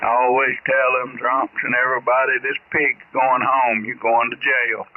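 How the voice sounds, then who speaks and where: Older guy on ham radio, tinny thin signal, husky voice, folksy talk. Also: medium pitch, level tone, normal speed. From Alabama. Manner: folksy, plain-spoken. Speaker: caller.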